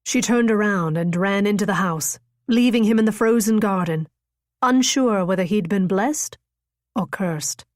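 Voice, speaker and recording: A woman narrating a romance audiobook in an expressive, dramatic reading style. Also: mid-range voice, measured pace, dry recording, studio quality. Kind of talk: scripted narration.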